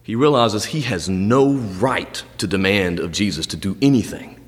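A man preaching a sermon as a pastor, his voice jumping up on emphasis and dropping low on quiet asides. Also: moderate pace. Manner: animated preaching, pitch jumping high on emphasis. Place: church sanctuary. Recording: long hall reverb.

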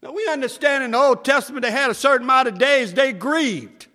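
A man preaching a sermon, shouting at times and swinging between loud and soft. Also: fairly quick. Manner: preaching with shouts and wide swings in pitch and loudness. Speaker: pastor. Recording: echoey hall.

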